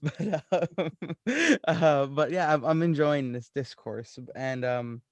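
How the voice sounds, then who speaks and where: A man's voice: on the high side, expressive, slow, dry recording. A man co-hosting a casual podcast, nitpicking and swearing freely. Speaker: podcast co-host.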